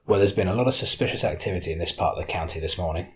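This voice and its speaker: A menacing police officer, as a man puts him on, talking slowly with cold contempt. His deep, deliberate lines carry a threat, an audiobook figure. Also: a little hiss or hum, lightly acted. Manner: slow, threatening.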